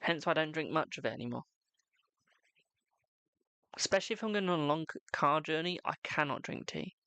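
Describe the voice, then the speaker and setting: A British man with a gravelly, creaky voice, chatting casually on a live stream. He is talkative and self-mocking and swears now and then. The sound is dry and close, with no room echo. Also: a little high, lively intonation, brisk, pushed and bright. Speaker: tarot reader and live streamer.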